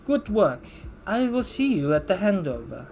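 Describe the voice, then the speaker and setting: Male streamer as tough female merc, put-on Russian-like accent, higher register, clipped. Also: sing-song, normal speed, creaky, a little mellow, soft background music, heavily acted. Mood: businesslike. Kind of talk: reading game dialogue aloud.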